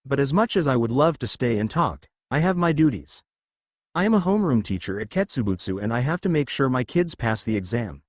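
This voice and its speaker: A man's voice: mid-range voice, big pitch swings, a little fast, no echo, studio quality. A man voicing a cheerful, flirtatious adult woman hero with a teasing, playful manner, in a storybook reading.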